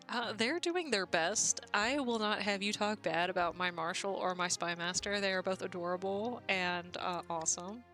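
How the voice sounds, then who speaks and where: Bright-voiced giggly woman streamer. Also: mid-range voice, normal speed, hardly any pauses, soft background music. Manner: giggly, often laughing and reacting to chat. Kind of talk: casual live-stream chat and reading game text aloud.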